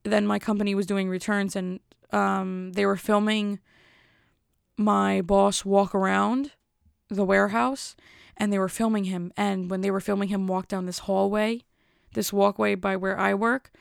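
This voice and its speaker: A woman's voice: mid-range voice, flat delivery, measured pace, creaky, clear, resonant tone, no room sound, clean studio sound. A young woman casually telling a rambling story, full of fillers and exasperation. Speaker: vlogger.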